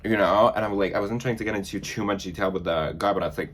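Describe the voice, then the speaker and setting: A man's voice: deep voice, fairly even intonation, fast talker, a little hiss or hum. A man chatting casually in a sassy, dramatic storytime vlog, full of fillers. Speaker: vlogger.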